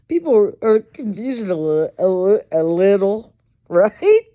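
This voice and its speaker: A woman's voice: mid-range voice, big pitch swings, slow pace, mellow. A middle-aged woman telling stories in a casual monologue, laughing often and swearing freely. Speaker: host.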